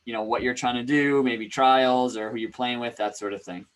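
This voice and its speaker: A male podcast host in relaxed conversation with his guest. He sounds easygoing and agreeable, with plenty of casual filler words. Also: mid-range voice, moderate pace, rough recording. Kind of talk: casual interview chat.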